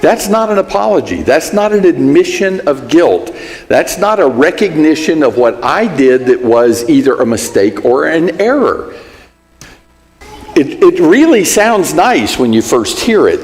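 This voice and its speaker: Man, church class teacher, animated delivery, long hall reverb, conversational and example-driven. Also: fairly high pitch, measured pace. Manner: conversational, gives everyday examples and acts out sample apologies.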